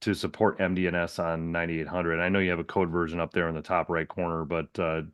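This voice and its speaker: A man with a very low voice hosting a technical webinar. He relays audience questions politely and adds short affirmations. The sound is dry and close. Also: flat delivery, fast talker, a bit bright, clean tone, no echo, muffled recording. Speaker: host.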